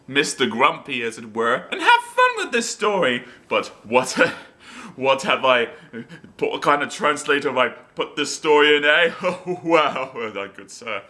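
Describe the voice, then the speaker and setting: A man's voice: mid-range voice, very animated, a little slow, sharp tone. Playful English man reading funny stories. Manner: playful, giggly reading with asides. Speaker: host. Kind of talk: comic storytelling video.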